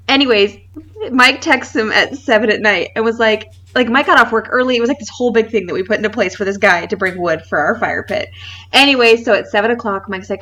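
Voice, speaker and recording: A woman in her thirties co-hosting a podcast, telling a funny story in casual chat, animated and laughing often. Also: on the high side, brisk, slight background noise. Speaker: podcast co-host.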